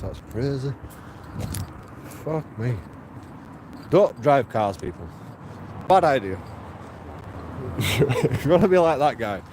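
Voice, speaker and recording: Rambling, profane man on a street. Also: medium pitch. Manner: profane, rambling, laughs to himself. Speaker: street video blogger. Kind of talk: rambling outdoor monologue. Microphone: handheld camera. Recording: street ambience and traffic noise.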